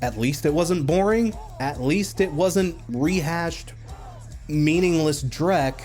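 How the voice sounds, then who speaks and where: A man's voice: on the high side, takes it slowly, darkish tone, faint music behind. A man reviewing albums in a casual, blunt and profane monologue, rambling and joking. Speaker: music critic.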